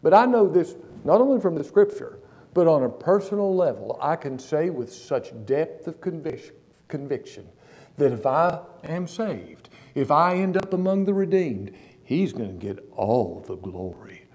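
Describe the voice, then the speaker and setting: A male pastor preaching a sermon in a church, stressing key words slowly and putting questions to the congregation. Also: a little high, very animated, a little mellow.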